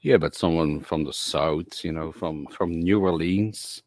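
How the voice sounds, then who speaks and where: A somewhat low-voiced man hosts a casual live-stream chat. He speaks bluntly and haltingly, with lots of fillers and restarts. The sound is dry and close, with no room echo. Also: darkish tone. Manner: blunt and outspoken. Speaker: livestream host.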